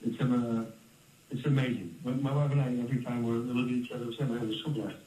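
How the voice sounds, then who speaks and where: Animated Dutch man in a roomy space. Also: mid-range voice, quick pace, a little hiss or hum. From Netherlands. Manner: animated, laughs often, restarts words. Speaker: interview guest, former fighter. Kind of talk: casual storytelling interview. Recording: roomy, distant mic with faint ambience.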